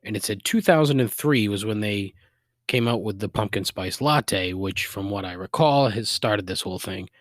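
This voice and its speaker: A man's voice: fairly low pitch, moderate pace, dry recording, clean studio sound. A man with a Boston accent hosting a solo podcast, griping in a profane, exasperated way with sarcastic asides. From Boston area, USA. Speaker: podcast host.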